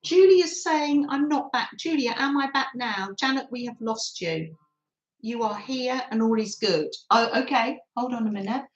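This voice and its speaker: A woman's voice: a little high, lively intonation, normal speed, reverberant, lo-fi sound. A woman hosting a craft livestream, chatting casually and giggling as she reads out viewer comments on her phone. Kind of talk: casual live chat with viewers.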